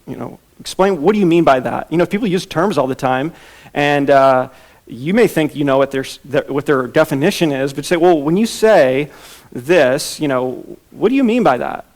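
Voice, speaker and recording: A man teaching a church class on soul care, talking conversationally and acting out quotes. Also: on the high side. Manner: conversational, with restarts and acted-out quotes. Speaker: Bible teacher.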